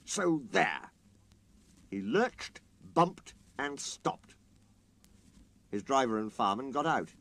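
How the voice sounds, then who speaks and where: A man reading a children's story aloud, in an expressive, lilting storytelling manner. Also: medium pitch, slow pace, no room sound.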